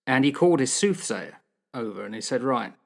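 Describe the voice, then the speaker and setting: A man's voice: medium pitch, expressive, a little fast, gravelly. Older guy chatting history, jokey, laughs a lot. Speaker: podcast co-host. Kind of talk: casual history chat.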